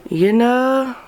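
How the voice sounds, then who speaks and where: A woman giving blunt, incredulous gossip commentary and swearing freely. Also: a little high. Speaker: commentary vlogger.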